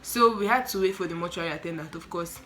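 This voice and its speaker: A nineteen-year-old woman with a Nigerian accent, telling a story in an animated, exclaiming vlog style. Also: fairly low pitch, quick pace, poor audio. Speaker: student nurse vlogger.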